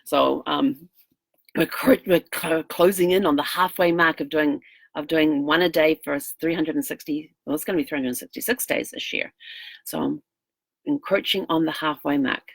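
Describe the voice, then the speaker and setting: A woman's voice: low-pitched, moderate pace, vocal fry, no echo. A middle-aged woman chatting casually in a daily video diary, rambling and laughing easily. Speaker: vlogger.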